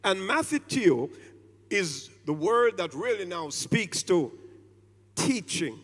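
A man's voice: high voice, big pitch swings. A man preaching a sermon in a church, hitting single words hard and stretching phrases, and calling on the congregation to answer. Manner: preaching with sudden loud stressed words and drawn-out phrases; calls on the congregation to respond. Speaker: pastor. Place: church sanctuary. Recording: reverberant church hall.

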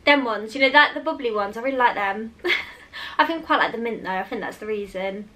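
A woman's voice: a little high, a little fast, sharp tone. A young woman in her twenties, chatting casually while doing a hair tutorial, giggling often and using lots of fillers. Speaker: beauty vlogger.

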